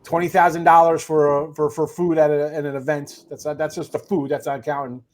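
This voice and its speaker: A man's voice: a little high, flat delivery, a little fast, a little mellow. A man with a New Jersey accent hosting a sports betting show, joking and ranting in casual chat.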